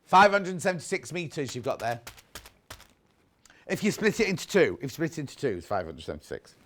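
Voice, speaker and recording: A man's voice: a little high, huge pitch swings, a little fast, a bit bright. Chatty male shopping host. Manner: chatty, reads out viewer messages. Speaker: shopping channel presenter. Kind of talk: live TV shopping chat. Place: TV studio.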